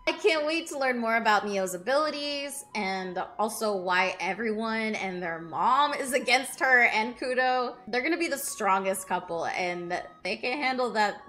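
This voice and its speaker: Animated woman reacting to anime. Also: medium pitch. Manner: emotional, gushing, laughs often. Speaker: anime reaction channel host. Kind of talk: casual reaction commentary.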